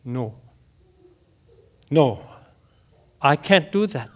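A man's voice: high-pitched, very animated, slow pace, heavily acted. Frail old woman, as a preacher puts her on. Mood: hesitant. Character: frail elderly woman in a nursing home, timid.

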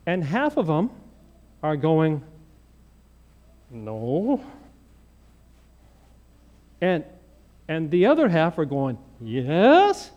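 A male preacher giving a sermon, telling stories in an animated way and acting out the dialogue. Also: on the high side, a little slow, long pauses, dull audio. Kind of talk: sermon storytelling.

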